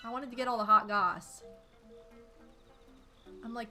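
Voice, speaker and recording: A young woman streaming a video game from home, chatting casually and telling stories to her viewers in an animated, rambling way. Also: fairly high pitch, unhurried, long pauses. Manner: chatty, animated storytelling with lots of "like" and laughs. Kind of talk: casual gaming stream chat. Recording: game music faintly behind.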